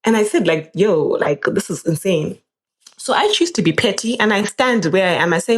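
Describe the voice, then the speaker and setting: A young woman, a podcast guest telling a personal story in a casual, animated way, her voice jumping up whenever she quotes someone. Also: moderate pace. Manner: animated, jumps up in pitch when quoting people.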